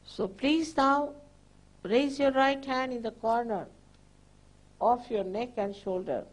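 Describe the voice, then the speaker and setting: An older woman leads a guided meditation in a slightly high voice. She speaks very slowly and gently, and she repeats her instructions patiently. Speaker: spiritual teacher.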